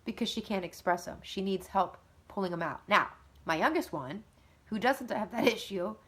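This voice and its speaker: Earnest, animated mother giving advice. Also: medium pitch, moderate pace. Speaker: mother of two. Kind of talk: casual advice talk.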